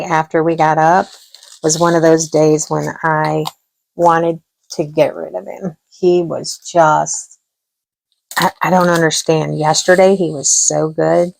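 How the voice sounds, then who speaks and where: A middle-aged woman with a low, gravelly voice tells a long story in relaxed home-vlog chat. She rambles warmly through quoted dialogue, recorded close and dry. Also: no echo. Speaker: craft vlogger. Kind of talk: casual storytelling while crafting.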